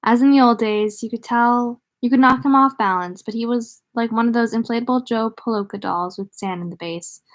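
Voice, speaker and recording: A woman reads a novel aloud in an easygoing, unpolished way. She gives the dialogue lively voices and breaks off now and then to chat and laugh. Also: fairly high pitch, fairly quick, few pauses. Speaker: audiobook reader. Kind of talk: casual read-aloud of a novel.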